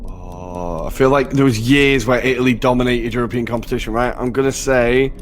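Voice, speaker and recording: Male co-host, mid-pitched, laid-back, laughs at himself. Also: brisk, a little hiss or hum. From Britain. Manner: self-deprecating, laughs easily, swears casually. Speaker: podcast co-host. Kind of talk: casual podcast chat.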